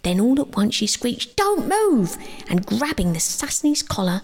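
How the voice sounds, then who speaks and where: Woman narrating a husky sleep story. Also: mid-range voice, animated. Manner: gentle, slow, drifting into whispers. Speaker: storyteller and author.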